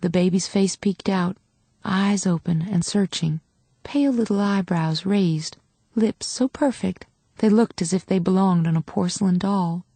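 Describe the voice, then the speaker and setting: A woman narrating an audiobook in the first person, intimate and measured. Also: medium pitch, warm tone, slightly rough, dry recording.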